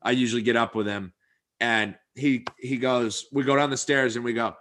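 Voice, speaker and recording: A man's voice: mid-range voice, steady tone, normal speed, a bit bright, slight background noise. A man co-hosting a podcast, chatting in an easygoing, rambling way with an occasional swear. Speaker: podcast co-host. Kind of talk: casual chat.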